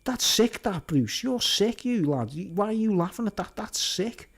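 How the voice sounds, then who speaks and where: A man's voice: sits high, lively intonation, normal speed, creaky, husky, voice pushed up, heavily acted. A man voicing an indignant young Liverpool lad with a Scouse accent, scolding and repetitive.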